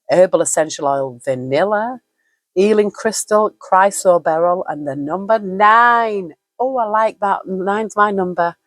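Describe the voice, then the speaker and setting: Low-voiced woman chatting through a tarot reading. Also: no echo. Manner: chatty and musing, with frequent fillers and easy laughs. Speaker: tarot reader. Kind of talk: casual spoken tarot reading.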